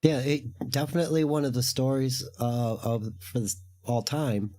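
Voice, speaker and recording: A man's voice: mid-range voice, moderate pace, dark tone. A man co-hosting a casual chat, speaking hesitantly with many fillers and apologies. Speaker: co-host.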